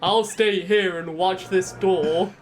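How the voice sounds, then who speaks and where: A gruff middle-aged soldier from a horror video game, as a woman puts him on, dragging out each order slowly in a mock-deep voice. Faint background noise sits under the voice. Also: steady tone. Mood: mock-serious.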